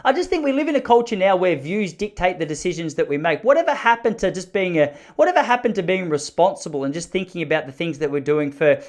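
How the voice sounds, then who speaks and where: A man's voice: sits high, expressive, fast, few pauses. A man in his thirties with an Australian accent, hosting a podcast as a wry, rambling solo monologue. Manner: rambling, wry, riffs with mock dialogue. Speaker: podcast host.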